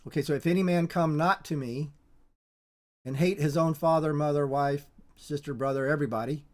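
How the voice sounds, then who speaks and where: An informal Bible teacher who talks in a halting, repetitive way, restarting words and circling back to drive each point home. The pitch sits in a middling range, neither high nor low. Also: steady tone.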